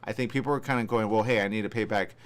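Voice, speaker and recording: A man's voice: lowish voice, fairly even intonation, very fast, clean tone. A man hosting a radio morning show, chatting casually, laughing often and reading listener posts aloud.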